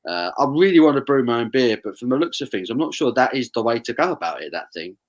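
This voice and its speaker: A man's voice: mid-range voice, sing-song, fast, lo-fi sound. A man co-hosting a casual live-stream chat, rambling in friendly banter.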